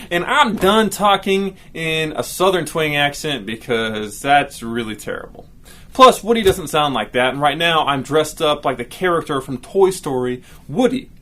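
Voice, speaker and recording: A man, a children's pastor, giving a casual Bible lesson to kids in a lively, chatty way, often checking in with "right?". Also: a little high.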